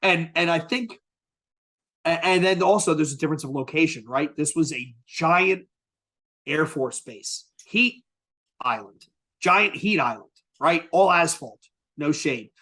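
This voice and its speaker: A man hosting a podcast, talking in an animated, casual way and often asking "right?". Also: on the high side, normal speed. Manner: animated, asks rhetorical "right?". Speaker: podcast host. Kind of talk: casual chat.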